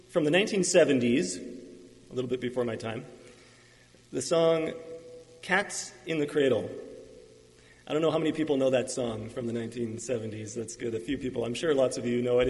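A male pastor preaching a sermon in an earnest, halting way, with restarts and fillers. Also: medium pitch. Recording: long hall reverb.

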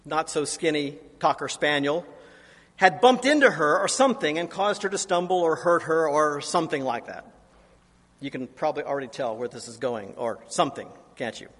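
Pastor, man in his forties, higher voice, preaches with self-deprecating family stories, long church reverb. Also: a bit bright. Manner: anecdotal, self-deprecating storytelling. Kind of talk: sermon. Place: church sanctuary.

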